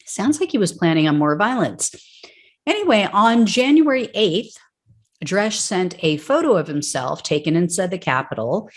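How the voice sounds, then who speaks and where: Low-voiced woman delivering wry news commentary. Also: very animated, moderate pace. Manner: wry, sarcastic asides between read-out quotes. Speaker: political news show host. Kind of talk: news commentary reading from court records.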